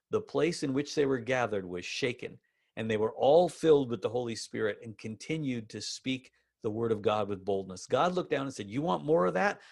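A middle-aged man preaching a sermon, telling a personal story with animated bursts and slow, emphatic phrases. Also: medium pitch. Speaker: pastor.

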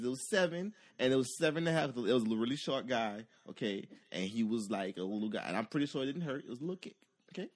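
A man telling a comic story in profane street slang, acting out the people in it with deep and squeaky voices. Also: fast. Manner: animated, acts out others in deep and squeaky voices. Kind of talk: comedic storytelling.

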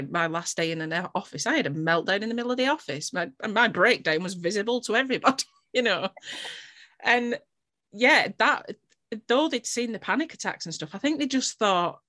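A woman's voice: on the low side, brisk, pushed and bright. A woman hosting a podcast interview, reflective and thinking aloud with tag questions. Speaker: podcast host. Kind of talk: conversational interview.

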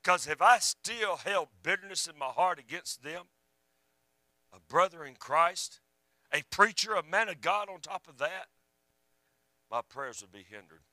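A man preaching a sermon, fervent one moment and hushed the next, with a drawl. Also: on the high side, expressive, unhurried, pauses often, dry recording, rough recording. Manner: fervent, rising and falling, drops to a hush.

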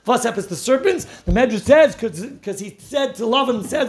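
A man giving a lively Torah talk, telling the stories with animation and frequent laughter. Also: very high voice, normal speed, few pauses. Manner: animated storytelling, laughing often, mixing Yiddish and Hebrew terms. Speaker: Torah teacher.

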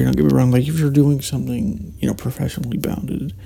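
Gravelly, mellow-voiced man musing aloud. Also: mid-range voice, level tone, fast, hardly any pauses. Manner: meandering, many restarts and hesitations. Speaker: podcast host. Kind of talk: reflective solo monologue.

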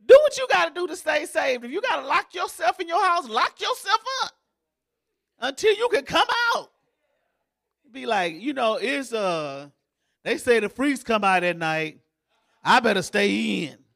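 A woman's voice: on the high side, expressive, a little slow, creaky, long pauses, a bit bright. A woman pastor giving a sermon in a folksy, joking, conversational way, as if in a church.

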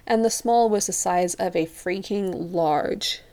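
A young European woman vlogger tells a casual story to the camera in a low, darkish voice, taking her time. She's chatty, uses "like" constantly, and acts out what other people said.

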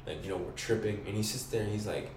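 A man's voice: fairly low pitch, quick pace. Young man telling a slangy story in a roomy space. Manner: slangy, profane, acts out his own quotes. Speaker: podcast guest. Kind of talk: casual storytelling. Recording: roomy, distant mic, faint noise.

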